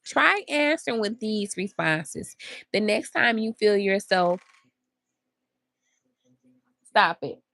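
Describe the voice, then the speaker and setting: A woman hosts a motivational podcast and speaks earnestly and directly to her listeners. Her voice has a slightly gravelly texture. It sounds close and dry, with almost no room sound. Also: medium pitch, big pitch swings, slow, long pauses, fairly bright tone, dry recording. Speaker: podcast host. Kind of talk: motivational talk.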